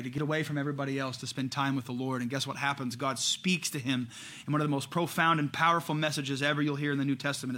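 A man preaching a conversational sermon, moving from lively acted-out quotes to quiet, slowed reflection. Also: mid-range voice. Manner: conversational, animated, acts out quoted voices. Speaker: pastor.

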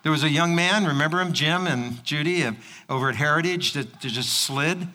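High, bright-voiced preacher in a hall. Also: male voice, brisk. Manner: storytelling, acting out voices in anecdotes. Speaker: pastor. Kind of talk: sermon.

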